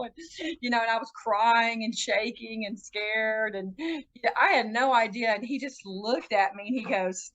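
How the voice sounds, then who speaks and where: A woman's voice: a bit bright, rough recording. A woman podcast guest telling a personal story in a casual, earnest way. She often stops and restarts her sentences. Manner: earnest, halting, with frequent restarts; acts out quoted voices with pitch jumps.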